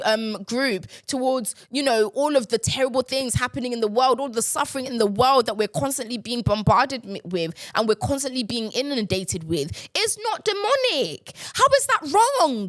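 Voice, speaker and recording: Podcast host, young woman, higher voice, exasperated rant, dry close sound. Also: no room sound. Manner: exasperated, ranting, repeats herself. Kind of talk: casual ranting monologue.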